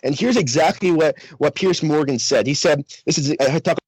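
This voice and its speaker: A man's voice: a little high, normal speed, a little mellow, breathy edge, dry recording, rough recording. A young man, author and outdoors radio host, talking emphatically and preachily in a podcast discussion.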